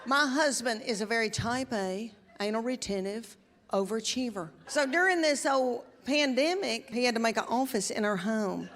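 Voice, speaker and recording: A Southern woman in her fifties tells stories on stage in a chatty, drawling, folksy way. Her voice sits a little high for a woman. The live recording carries clear background noise. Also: lively intonation, moderate pace. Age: 50s. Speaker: stand-up comedian. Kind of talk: stand-up comedy. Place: live comedy venue with audience.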